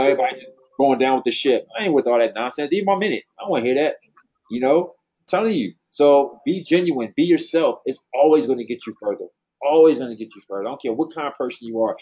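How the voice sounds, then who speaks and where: A man's voice: mid-range voice, fast, dark tone, husky. A man giving a blunt, passionate team talk in a loose, slangy way, like a trainer speaking to his team. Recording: dull lo-fi sound.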